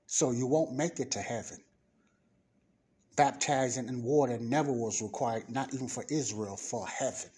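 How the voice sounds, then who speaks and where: A man teaching the Bible in an informal sermon, emphatic, slowing down to stress his points. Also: medium pitch, a little mellow, slightly rough.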